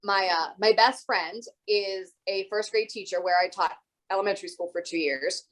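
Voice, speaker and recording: A woman teacher talking casually as an interview guest, telling lively stories and acting out the voices of the people in them. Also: medium pitch, normal speed, low-quality recording. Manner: animated storyteller who acts out other people's voices.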